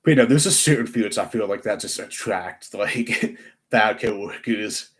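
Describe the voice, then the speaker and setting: A man's voice: lowish voice, moderate pace, fairly bright tone. A young man chatting on a live stream, rambling with lots of fillers and restarts. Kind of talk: casual live-stream chat.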